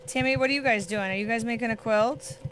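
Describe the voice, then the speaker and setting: A middle-aged woman hosting a casual quilting livestream, chatting excitedly with viewers as she sews. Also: on the high side, fast talker, slight background noise. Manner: bubbly, chatty, talks to viewers by name. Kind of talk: casual livestream chat while sewing.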